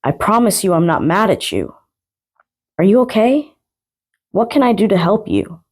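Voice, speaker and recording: A woman voicing a frustrated but gentle young man within a spoken word poem, exasperated yet soothing toward her. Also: medium pitch, animated, normal speed, husky. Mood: reassuring.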